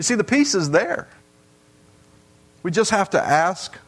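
A pastor delivering a sermon to his congregation in church, earnest and repetitive, with long drawn-out pauses. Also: high voice, very animated.

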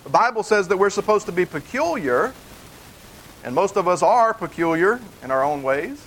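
A man's voice: high voice, very animated, normal speed, a bit bright, a little hiss or hum, poor audio. A male pastor preaching a conversational sermon in a plain, folksy way, earnestly repeating key points for emphasis.

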